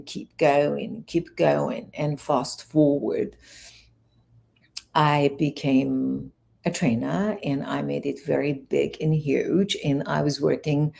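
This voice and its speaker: A woman's voice: low-pitched, gravelly. A woman in her fifties from Iran, a fitness coach who tells her life story as an interview guest, rambling and restarting as she goes. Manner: rambling, animated retelling with many restarts.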